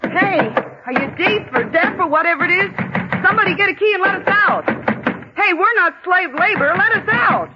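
A woman's voice: lowish voice, animated, fairly quick, lightly acted. A woman playing a brassy wisecracking young typist. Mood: shouting. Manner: sarcastic, brassy, loud. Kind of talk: 1940s radio acting. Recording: dull old radio broadcast, faint hiss.

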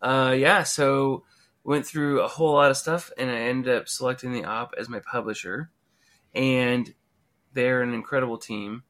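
A man who designs games tells his story as an interview guest. He rambles excitedly in a stream of consciousness, leaning on "like" again and again. His voice sits at an ordinary middle pitch. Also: normal speed. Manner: rambling, heavy use of "like". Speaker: game designer and artist, guest.

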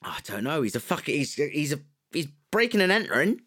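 A young man chats loosely on a podcast, rambling and swearing as he goes. His voice sits a little high. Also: big pitch swings, a little fast, fairly bright tone. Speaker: podcast co-host. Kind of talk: casual chat.

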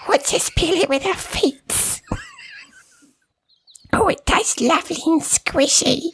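A wretched, ring-obsessed male creature that cringes and wheedles in a pinched, high voice far above his own. The words drag out slow and greedy. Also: a bit bright, a little hiss or hum, heavily acted. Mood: wheedling.

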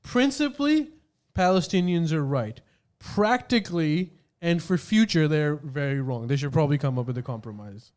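Opinionated man, higher voice. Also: lively intonation, moderate pace, a little mellow. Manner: opinionated, laughs easily. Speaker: podcast co-host. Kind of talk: casual chat.

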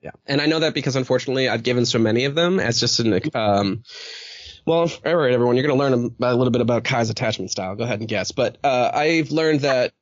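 A man's voice: mid-range voice, fast talker. Man, podcast host, casual chat, many fillers, acts out quotes, muffled lo-fi sound. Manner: rambling, many fillers and restarts.

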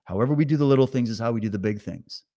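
A man's voice: mid-range voice, rapid-fire, dark tone. A middle-aged man with an ordinary mid-range voice delivers a motivational monologue to his audience. His style is emphatic and exhorting, pushing listeners to raise their own standards. He swears casually as he talks. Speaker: podcast host.

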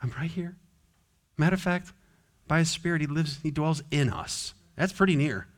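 A man, pitched a bit higher than most men, preaches in a loose, conversational way. He slips into quoted voices and little acted scenes as he goes. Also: normal speed. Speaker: pastor. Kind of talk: sermon.

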